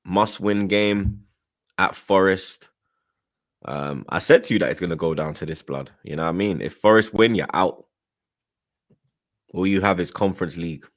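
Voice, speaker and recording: A man hosting a casual football live stream, reading viewer messages aloud and breaking into loud, brash shout-outs. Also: deep voice, normal speed, pauses often.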